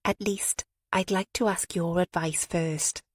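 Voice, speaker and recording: A woman reader voicing a nervous, apologetic young woman who speaks in halting, hesitant bits. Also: lowish voice, fairly even intonation.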